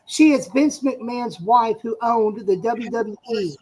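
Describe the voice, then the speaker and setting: A woman with a fairly high voice argues bluntly in a casual live chat. She fires pointed questions and presses for answers, sounding combative and unconvinced. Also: a little slow, a little mellow, poor audio. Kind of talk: heated casual political chat.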